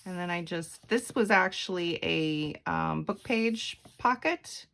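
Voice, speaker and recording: A woman's voice: fairly low pitch, takes it slowly, creaky, a bit bright. A woman showing a handmade journal on camera, chatty and meandering, with frequent ums and self-corrections. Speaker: craft vlogger. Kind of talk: casual craft flip-through.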